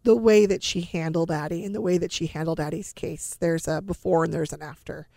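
A woman's voice: on the low side, fairly even intonation, fairly quick, vocal fry, dark tone, no echo, clean studio sound. A middle-aged woman, a mother and guest in an interview, telling her own story in an earnest, conversational way, often repeating words. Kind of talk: emotional personal storytelling in an interview.

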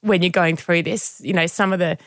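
A woman, a podcast guest talking through a personal memory in a reflective, halting way with many restarts. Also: fairly low pitch, steady tone, a bit bright, dry recording, studio quality. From Australia. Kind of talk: candid conversational interview.

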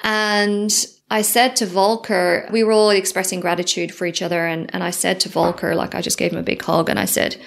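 A woman's voice: on the low side, little pitch movement, brisk, vocal fry. A woman hosting a solo podcast, speaking candidly and effusively and swearing casually. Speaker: podcast host.

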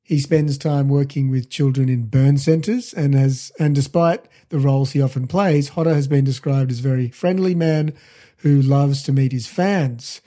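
A man's voice: mid-range voice, fairly even intonation, normal speed, warm tone. A man co-hosting a casual podcast chat, reading out trivia with hesitant ums and restarts. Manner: reads trivia aloud with hesitant fillers. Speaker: podcast co-host.

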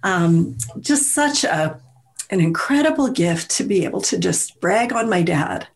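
A woman's voice: fairly low pitch, expressive, measured pace, vocal fry. A woman hosting an interview from her studio, asking friendly, encouraging questions. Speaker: host. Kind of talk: casual podcast interview. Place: home studio.

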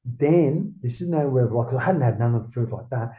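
A man's voice: medium pitch, lively intonation, fairly quick. A middle-aged Australian man, an interview guest, telling stories in a rambling, profane way full of "mate". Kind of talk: casual storytelling. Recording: roomy, dull lo-fi sound.

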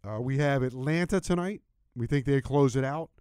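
A man's voice: medium pitch, moderate pace, darkish tone, smooth, no echo, studio quality. A middle-aged man guest-hosting a sports radio show, chatting casually and laughing easily.

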